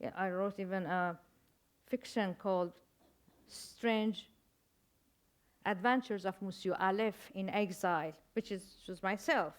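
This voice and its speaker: Older woman with a Persian accent. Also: mid-range voice. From Iran. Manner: halting, searching for words, wry humor. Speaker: author guest. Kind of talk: reflective interview storytelling.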